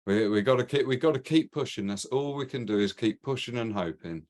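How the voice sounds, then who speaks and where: A British man hosts a relaxed podcast chat at an ordinary, middle pitch. He talks loosely, with restarts and frequent laughter. He is upbeat and informal with his guest. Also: a little fast. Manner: chatty, laughs easily, many restarts. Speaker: podcast host. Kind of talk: casual interview chat.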